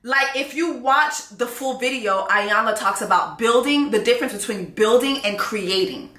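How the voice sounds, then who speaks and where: A woman in her thirties hosts a casual vlog, talking straight to her viewers. Her voice is bright and fairly high, and she acts out both sides of a dating exchange as she tells it. The room around her is echoey. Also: moderate pace. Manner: animated storytelling, acts out quoted exchanges. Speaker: host.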